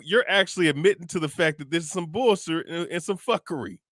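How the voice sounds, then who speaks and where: A man hosting a boxing talk show, reading tweets aloud in a loud, profane, mocking way. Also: on the high side, fast talker, no echo, clean studio sound. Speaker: boxing podcast host.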